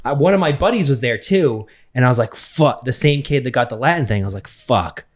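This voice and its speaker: A man's voice: medium pitch, a little fast. A young man telling a school story in casual chat, swearing a lot and acting out what people said. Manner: profane, animated storytelling with quoted voices.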